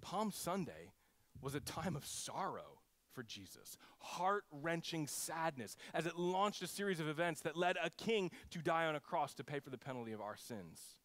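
Animated male pastor preaching. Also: on the high side, moderate pace, no room sound. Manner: animated, conversational preaching with acted-out quotes. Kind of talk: sermon. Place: church.

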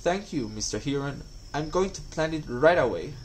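A man's voice: on the high side, animated, normal speed, slight background noise, natural voice, poor audio. A man voicing a young boy turtle in a storybook reading, earnest and plaintive. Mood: delighted. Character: young boy turtle, worried but eager.

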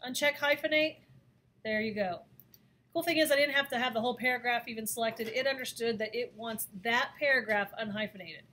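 A woman teaching a design software class, with a voice pitched a little high. She talks through each step as she works and thinks aloud, with plenty of ums and uhs. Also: brisk, a little hiss or hum. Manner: chatty, thinks aloud with fillers. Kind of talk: screen-recorded software lesson.

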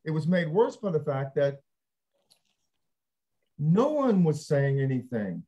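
A man hosting a casual panel discussion, animated and laughing as he acts out quotes. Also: fairly high pitch, takes it slowly. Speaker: panel host.

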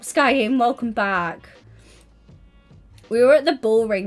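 A woman's voice: a little high, expressive, unhurried, faint music behind. A young woman streaming, chatting casually and teasingly while building in a game. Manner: teasing, giggly, playful.

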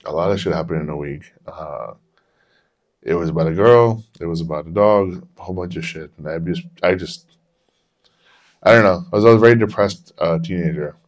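A man's voice: low voice, normal speed, pauses often. A man in his forties hosting a podcast, who tells candid, rambling personal stories and swears freely. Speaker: podcast host. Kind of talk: casual storytelling chat.

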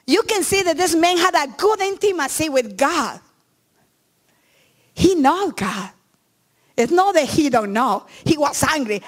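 High-voiced woman pastor preaching in halting English. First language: not English. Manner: earnest, halting non-native English with restarts. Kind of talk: sermon.

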